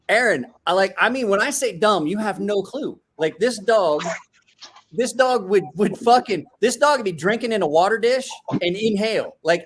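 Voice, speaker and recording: High-voiced, animated storytelling man. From small rural town. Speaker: host. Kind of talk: casual chat.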